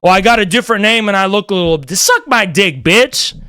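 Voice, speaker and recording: A man's voice: high-pitched, brisk, bright, forceful tone, smooth, dry recording, studio quality. A man streaming a heated, profane, combative rant. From United States.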